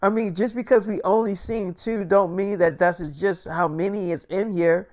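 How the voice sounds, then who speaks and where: A man's voice: high-pitched, fairly even intonation, moderate pace, darkish tone, no echo. Man retelling a story, casual and profane. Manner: profane, slangy, easygoing.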